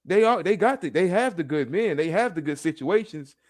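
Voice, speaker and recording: Loud crude-talking man co-host. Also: on the high side, animated, a little fast, no echo, studio quality. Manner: loud, crude, emphatic repeating. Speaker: podcast co-host. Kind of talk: casual commentary chat.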